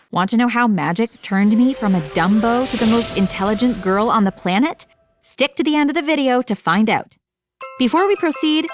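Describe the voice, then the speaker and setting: A woman narrating a first-person animated story in a dramatic, expressive storytelling manner. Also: mid-range voice.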